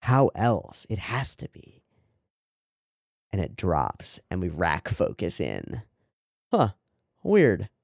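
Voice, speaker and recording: A man's voice: low-pitched, huge pitch swings, slow pace, creaky, long pauses, dry recording, studio quality. A man hosting an anime reaction, talking through a scene in an enthusiastic, rambling way with lots of "like" and "right?". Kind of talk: casual commentary on an anime episode.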